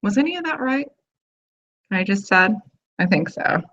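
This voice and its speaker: A woman's voice: mid-range voice, very animated, moderate pace, fairly bright tone, lo-fi sound, a little hiss or hum. A woman in her thirties hosting a casual video chat from home, rambling with lots of fillers. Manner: chatty, rambling, full of fillers. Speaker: host of a live video chat.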